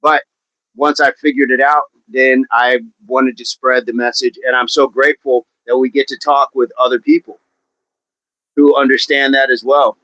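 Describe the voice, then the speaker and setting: A man's voice: medium pitch, flat delivery, normal speed, pushed and bright, dry recording. A man coaching fitness on a livestream, talking with viewers in an upbeat, encouraging way and often repeating his phrases. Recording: dull, dry livestream audio.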